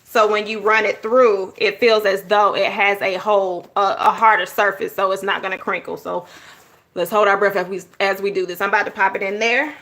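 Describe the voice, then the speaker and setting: A woman's voice: medium pitch, flat delivery, fairly quick, fairly bright tone, a little hiss or hum. A woman hosting a casual planner-craft livestream, chatting to viewers as "y'all" and "honey.". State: out of breath. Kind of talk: casual livestream tutorial chat.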